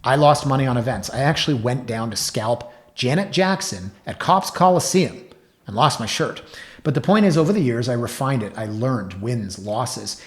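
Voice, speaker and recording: A man's voice: medium pitch, normal speed, reverberant. Storytelling man hosting a real-estate talk show. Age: 40s. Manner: storytelling, sarcastic asides, lively emphasis. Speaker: host. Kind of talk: casual monologue.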